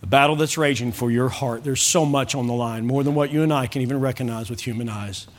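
A man's voice: medium pitch, quick pace. Fervent man preaching a sermon. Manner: fervent preaching that rises to loud pleading calls. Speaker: pastor. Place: church sanctuary with a congregation.

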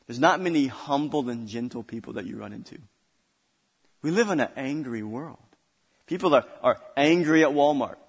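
A man's voice: medium pitch, expressive, moderate pace, gravelly, slightly rough, in a large hall. A male pastor preaching a sermon, building intensity through repeated phrases. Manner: preaching with rising intensity and repetition.

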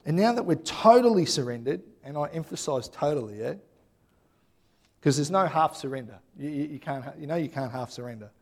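Conversational preacher, man, higher voice. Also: expressive, quick pace, few pauses, a little mellow. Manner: conversational preaching, often adds "yeah?". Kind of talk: sermon.

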